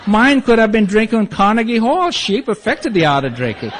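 A man's voice: high-pitched, big pitch swings, brisk, slight background noise. A man sharing his own story with a group, wry and self-mocking, acting out the lines of the people in it. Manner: acts out quoted dialogue. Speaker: speaker sharing his story at a support meeting.

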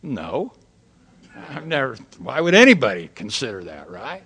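Folksy, gravelly-voiced middle-aged man. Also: mid-range voice, very animated, moderate pace, fairly bright tone. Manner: folksy, swears freely, tags lines with "right?". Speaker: recovery meeting speaker. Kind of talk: personal storytelling talk.

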